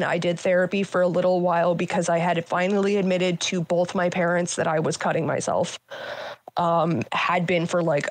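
Woman guest, 30s, low-pitched, blunt and sweary, dry close mic. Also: no room sound. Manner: blunt, frequent swearing, many fillers. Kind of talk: candid personal storytelling.

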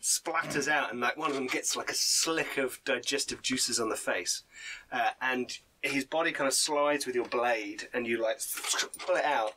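Bright-voiced male game master narrating. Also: mid-range voice, normal speed. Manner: vivid, gory descriptive narration with fillers.

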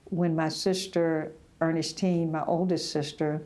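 A woman activist recalling her past in an interview, reflective and pausing with fillers. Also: low voice, flat delivery, warm tone. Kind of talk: interview recollection.

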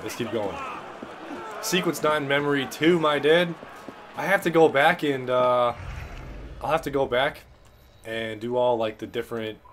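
A man's voice: mid-range voice, slight background noise. A young man giving loose, profane, hyped commentary while playing a video game. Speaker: gaming channel commentator. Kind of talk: casual gameplay commentary. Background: game music.

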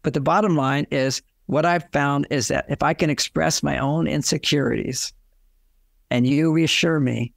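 Gravelly man giving relationship advice. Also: fairly high pitch, fairly even intonation, normal speed, no room sound, studio quality. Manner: rambling, often acting out quoted dialogue. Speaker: relationship author and guest.

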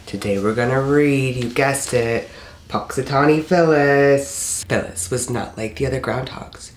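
A man's voice: mid-range voice, moderate pace. A man reading a children's picture book aloud, trading and echoing lines with a co-reader. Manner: reads in tandem, echoing a co-reader. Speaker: storybook reader. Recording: echoey room with faint hiss.

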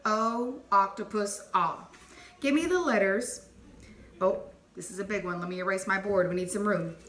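A woman teacher leading a phonics dictation lesson, clearly sounding out letters and words and praising answers. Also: mid-range voice, moderate pace, a bit bright. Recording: echoey room with faint noise.

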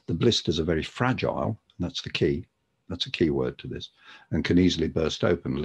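A man's voice: a bass voice, breathy edge. A man giving a webinar lecture on podiatry, talking conversationally with frequent ums and restarts.

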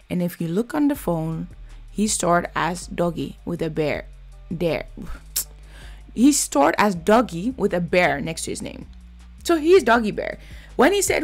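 A woman talks through a reality TV episode in a casual, outspoken way, scolding the people on screen. Her voice has a gravelly, fried edge, and faint music plays quietly underneath. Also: mid-range voice. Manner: chatty, blunt, scolding. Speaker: reality TV reviewer. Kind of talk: casual reaction commentary.

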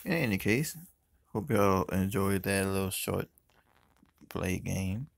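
Slow and creaky, a man's voice narrates his mobile gameplay casually and excitably, with frequent swearing and shifts between shouting and quiet muttering. A little hiss or hum sits in the background.

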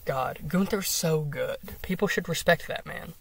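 Gravelly and on the high side, this young podcaster's voice moves at a measured pace as he rambles through an enthusiastic, swear-heavy solo rant full of filler words. The dry recording, made a bit far from the mic, carries slight background noise.

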